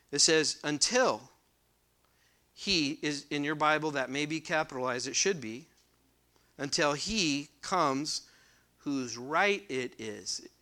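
Bright, crisp-voiced male preacher. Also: a little high. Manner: reads scripture loudly and slowly, then explains in quick conversational asides; addresses the congregation directly with questions. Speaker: pastor. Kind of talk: expository sermon.

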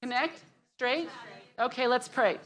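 A woman's voice: sits high, unhurried. Chatty laughing woman leading a church group. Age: middle-aged. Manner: chatty, laughing often, animated storytelling. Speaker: women's group leader. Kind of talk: casual group announcements and prayer.

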